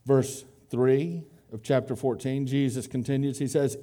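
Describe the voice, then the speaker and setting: A man preaching a sermon, explaining a Bible passage and slowing down to stress key words. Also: medium pitch, steady tone, warm tone.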